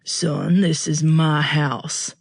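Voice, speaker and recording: A woman's voice: low-pitched, flat delivery, very slow, creaky, breathy edge, no room sound, studio quality, full character voice. A woman voicing a menacing estranged father. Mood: coaxing. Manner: deceptively reasonable, domineering.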